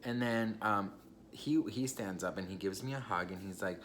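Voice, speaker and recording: A young man in a casual storytime vlog, his voice sitting a little low. He chats in a gossipy, confiding way, swears freely and keeps turning to his viewers as if they were friends. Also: normal speed, a bit bright, a little hiss or hum. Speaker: vlogger.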